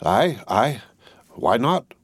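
A man's voice: medium pitch, very animated, drawn-out words, husky, no echo, pitched above the performer's own voice, full character voice. A man reading the part of a fearful, eager-to-please male wood sawyer, speaking emphatically. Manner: emphatic, overeager.

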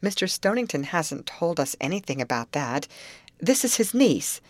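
Woman voicing a calm young girl captain. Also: deep voice, moderate pace, dry recording. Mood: polite. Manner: calm, careful, steady. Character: brave young woman leading her friends. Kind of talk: audiobook character voice.

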